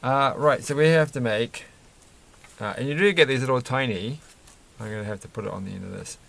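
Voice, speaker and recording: A man's voice: mid-range voice, brisk, gravelly, fairly bright tone. A man chatting casually and rambling while he builds a toy set, chuckling often and breaking off mid-sentence. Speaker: vlogger building Lego sets.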